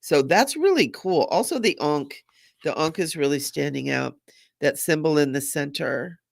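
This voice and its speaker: A woman's voice: deep voice, lively intonation, moderate pace, gravelly. A middle-aged woman hosting a spiritual live stream, bubbly and gushing, laughing often as she talks to viewers. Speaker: spiritual medium and livestream host.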